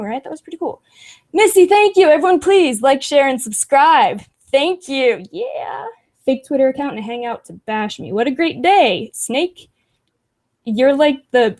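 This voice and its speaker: A woman's voice: a little high, darkish tone. A young woman hosting a casual livestream, reading chat comments aloud with sarcastic, profane asides and frequent laughs.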